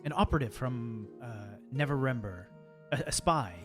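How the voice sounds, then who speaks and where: A man's voice: mid-range voice, expressive, normal speed, music in the background, lightly acted. A man voicing a young male halfling dung sweeper who stammers and gets flustered. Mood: confiding.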